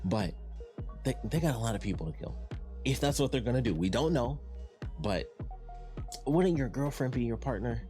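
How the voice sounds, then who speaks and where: A man's voice: mid-range voice, expressive, normal speed, pauses often, dark tone, soft background music. A young man from Detroit reviewing a TV show in a casual, rambling way, full of fillers and restarts. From Detroit, USA. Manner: rambling, repeats words and restarts, many fillers.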